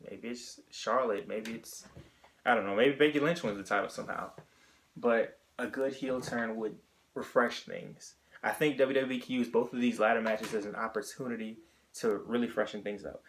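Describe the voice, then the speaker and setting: A man's voice: mid-range voice, fairly bright tone. A man talking through his opinions in a casual solo monologue, thinking aloud and often rephrasing mid-sentence. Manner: chatty and opinionated. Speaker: wrestling vlogger.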